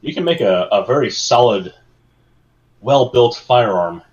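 A man's voice: medium pitch, expressive, measured pace, darkish tone. A man on a casual podcast, telling stories in a rambling, meandering way. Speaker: podcast co-host. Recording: dull lo-fi sound.

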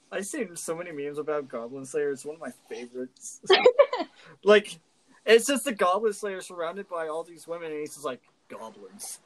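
A man's voice: fairly high pitch, moderate pace, long pauses, poor audio. A man co-hosting a casual podcast chat, swearing freely, laughing often and telling stories with animation. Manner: profane, laughing, animated storytelling. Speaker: co-host.

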